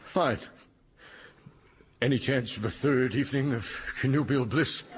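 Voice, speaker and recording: A man's voice: mid-range voice, unhurried, slight background noise, close to an everyday voice. An actor playing a pompous, self-pitying unemployed father in a radio comedy, speaking in grand theatrical phrases.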